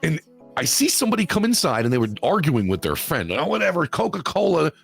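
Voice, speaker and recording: A male podcast co-host with a hugely lively voice that leaps up and down as he tells stories. He swears freely and acts out other people's lines in put-on voices. Faint music plays behind him. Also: medium pitch, fast talker. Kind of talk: casual chat.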